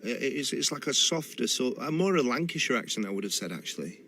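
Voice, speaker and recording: Manchester man, radio guest, reflective storyteller, mid-pitched voice, halting restarts, studio mic. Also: sing-song, fairly bright tone, slight background noise. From Manchester, England. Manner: thoughtful, with hesitant restarts.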